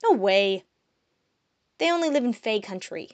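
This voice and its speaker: A woman's voice: on the high side, animated, measured pace, no echo. A skeptical young man in a storybook, matter-of-fact and plain as a woman narrator reads him. Dry, close sound. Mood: doubtful.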